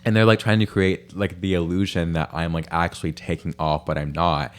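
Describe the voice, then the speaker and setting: A man's voice: low voice, little pitch movement, brisk. A man chatting casually as a podcast guest, telling a rambling, playful story full of fillers. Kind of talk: casual chat.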